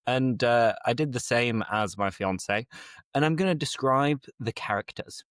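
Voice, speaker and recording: A man's voice: medium pitch, measured pace, a bit bright, dry recording, clean studio sound. A man co-hosting an English-learning podcast, chatting casually in a teacherly way and slipping in Spanish phrases. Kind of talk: casual chat.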